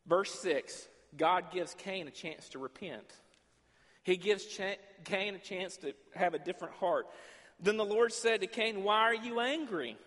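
A man preaching a sermon as pastor, acting out dialogue between God and the listeners, swinging from loud to quiet. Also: high voice, a little slow. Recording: long reverb in a large hall.

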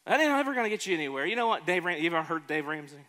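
A pastor preaching a sermon, emphatic, slowing and lifting his voice on key words. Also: on the high side, very animated, pushed and bright. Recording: hall reverb.

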